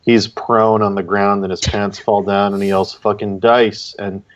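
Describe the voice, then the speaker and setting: Deep-voiced man giving comic critiques. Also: level tone, normal speed, dull audio. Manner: enthusiastic, repeats "really, really" for emphasis. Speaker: guest judge. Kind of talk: casual live-stream art critique.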